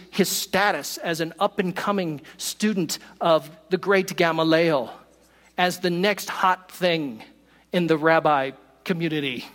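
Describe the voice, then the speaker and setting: Guy preaching a sermon, kinda high voice, long echo off the hall. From not from West Virginia. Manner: expressive preaching, slows for emphasis. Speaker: pastor.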